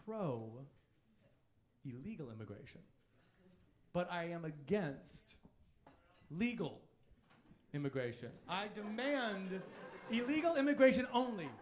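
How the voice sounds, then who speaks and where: A man performing a stand-up comedy set on a club stage, animated, jumping from loud bursts to low mutters.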